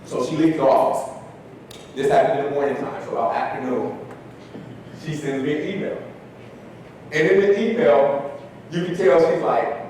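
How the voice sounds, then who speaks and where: A man's voice: normal speed, pauses often. Man telling stories in an echoey hall. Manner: animated storyteller, shifts loudness, acts out dialogue. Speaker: speaker at an education talk. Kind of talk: storytelling talk to an audience. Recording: echoey hall, distant mic, faint rumble.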